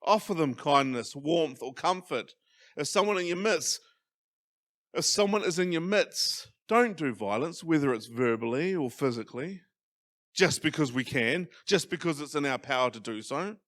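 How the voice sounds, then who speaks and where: A man with a New Zealand accent preaching a sermon as pastor, emphatic, swinging from loud stresses to quiet asides. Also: fairly high pitch, animated, normal speed. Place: church hall.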